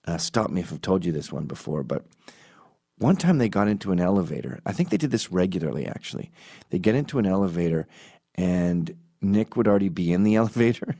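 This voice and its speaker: A middle-aged man telling comic stories in a rambling, self-correcting way, squeaking up for quoted voices. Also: expressive, brisk, mellow. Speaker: comedian. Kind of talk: casual storytelling monologue.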